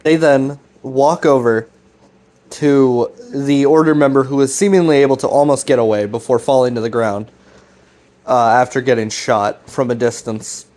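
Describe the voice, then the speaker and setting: A man's voice: medium pitch, fairly even intonation, moderate pace, darkish tone. Man rambling through a profane plot recap. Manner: loose, profane, full of fillers and restarts. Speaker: web series recap host.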